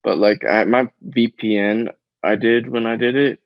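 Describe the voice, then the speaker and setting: A man's voice: mid-range voice, fairly even intonation, moderate pace, no room sound. A man with a Southern Florida accent hosting a podcast in casual chat, rambling and laid-back, often trailing off mid-sentence. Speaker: podcast host. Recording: dry, dull lo-fi audio.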